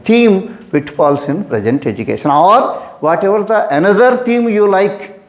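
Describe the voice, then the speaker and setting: A man's voice: high-pitched, animated, normal speed, echoey room. A man teaching an English exam lesson who repeats his instructions and calls his students "my dear".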